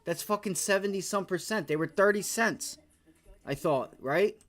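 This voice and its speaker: A man's voice: high-pitched, moderate pace, fairly bright tone. Exasperated young male day trader, swearing. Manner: frustrated, swears, repeats exclamations. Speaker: day trader streaming live. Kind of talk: live trading commentary.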